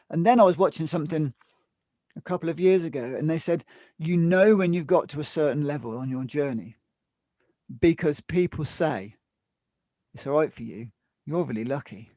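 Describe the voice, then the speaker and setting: A man co-hosting a talk show in casual conversation, animated and acting out what other people say to him. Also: on the high side, moderate pace, no room sound, clean studio sound. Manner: animated, mimics others in quoted asides. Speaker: podcast co-host.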